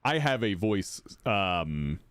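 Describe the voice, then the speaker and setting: A man with a deep voice chatting casually and rambling while he streams a game. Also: big pitch swings, slow, a bit bright, clear, resonant tone, no room sound. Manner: rambling, self-correcting, laid-back. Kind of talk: casual chat while gaming.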